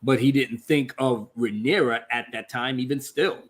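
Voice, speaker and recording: A man, hosting a casual TV review and excitedly acting out scenes in exaggerated voices while swearing freely. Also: medium pitch, normal speed. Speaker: podcast host reviewing a TV episode. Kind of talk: animated casual recap.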